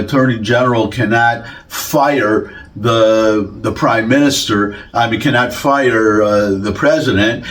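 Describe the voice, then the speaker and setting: A man from the United States giving a rambling solo commentary, full of restarts and self-corrections. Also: medium pitch. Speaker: political commentator.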